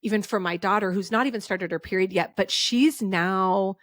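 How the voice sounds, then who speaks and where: A woman's voice: mid-range voice, moderate pace, fairly bright tone, no room sound. Rambling, heartfelt woman podcast host. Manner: rambling and heartfelt, with frequent restarts. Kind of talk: casual podcast conversation.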